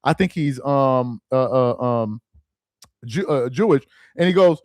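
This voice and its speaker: A man's voice: a little high, normal speed, no echo. A man hosting a sports commentary channel, ranting to camera in an exasperated voice and hammering the same phrases over and over. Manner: exasperated, repeats phrases for emphasis.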